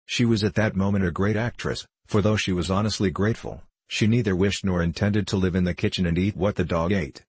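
A man narrates a novel with measured, even storytelling. His voice sits very low with a husky edge. The sound is dry and close. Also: dry recording. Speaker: audiobook narrator. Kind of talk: scripted narration.

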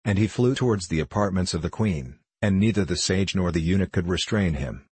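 A man narrating a story for an audiobook in a steady, even way. His voice is low and husky, and the recording is dry and close with no room sound. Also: brisk, no room sound, low-quality recording. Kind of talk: scripted narration.

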